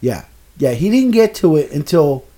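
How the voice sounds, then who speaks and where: A man telling an exasperated, profane story in a casual chat, swinging between low mutters and loud outbursts. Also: big pitch swings, normal speed, a little hiss or hum.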